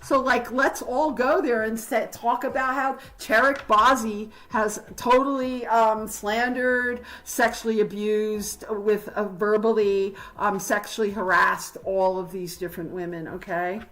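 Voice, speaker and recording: A woman's voice: mid-range voice, fairly even intonation, a little slow, few pauses, fairly bright tone, poor audio. A woman hosting a livestream, ranting heatedly and confrontationally, rambling with fillers. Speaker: livestream host.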